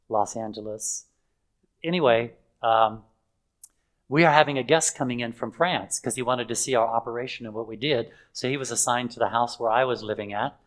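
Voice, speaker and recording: A man's voice: mid-range voice, rough recording. Older man, preacher, anecdotal sermon, chatty, fillers, chuckles.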